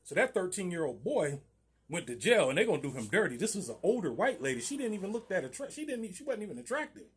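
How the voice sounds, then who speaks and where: A man's voice: high voice, big pitch swings, fast talker, a little hiss or hum. A man, a landlord, telling a story about a tenant in a loose, slangy way, often laughing. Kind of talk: casual storytime vlog.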